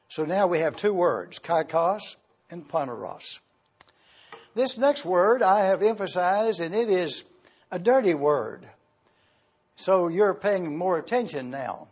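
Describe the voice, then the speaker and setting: A pastor, a man, teaching a sermon in a slow, deliberate way, spelling out Greek words for his congregation. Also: high voice, darkish tone, husky, dull audio. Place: church.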